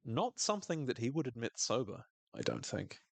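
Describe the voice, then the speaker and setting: A man's voice: mid-range voice, wildly swooping pitch, normal speed, gravelly, slightly rough, no room sound. A man co-hosting a podcast, recapping a TV episode in a casual, wry way and acting out quotes. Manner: dry, wry humor, reads quotes in a voice.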